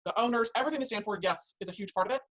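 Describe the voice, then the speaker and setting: A woman's voice: medium pitch, racing, low-quality recording. A woman in direct sales giving an upbeat, persuasive motivational talk to her team.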